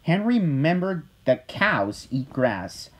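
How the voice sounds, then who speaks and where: This is a gentle, expressive reading of a children's picture book. The pace is unhurried and the voice is a little breathy. The pitch rises and falls in a singsong way. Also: low-quality recording. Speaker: storyteller. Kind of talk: storybook read-aloud.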